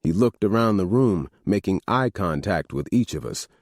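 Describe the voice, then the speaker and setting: A man narrating an audiobook in the first person, with expressive storytelling. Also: deep voice, normal speed, dry recording, clean studio sound.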